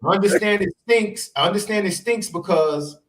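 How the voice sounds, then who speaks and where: A man's voice: high voice, moderate pace, a little hiss or hum. A man co-hosting a sports podcast in casual chat, emphatic and repeating his points. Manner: animated, emphatic repetition. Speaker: podcast co-host.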